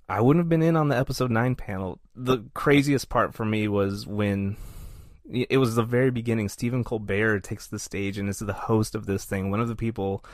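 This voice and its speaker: A man on a podcast, telling a self-deprecating anecdote in a lively, casual way. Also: on the low side, dry recording, studio quality. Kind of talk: casual storytelling.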